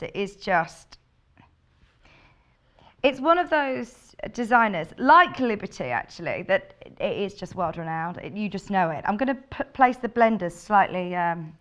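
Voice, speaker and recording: A woman's voice: medium pitch, a bit bright. A woman presenting fabrics live on a shopping channel, chatty and gushing as she reads out viewer messages. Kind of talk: live on-air product presentation.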